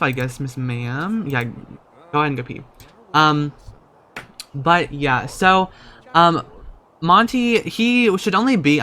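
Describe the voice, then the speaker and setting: A young man casually commenting on a life-simulation game, rambling, swearing often and breaking into loud startled outbursts. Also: fairly high pitch, slight background noise. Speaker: gaming YouTuber.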